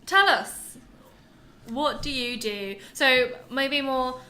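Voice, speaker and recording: A woman's voice: high-pitched, takes it slowly, sharp tone. A young woman co-hosting a casual podcast, blunt and opinionated, laughing at herself. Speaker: podcast co-host, PhD student.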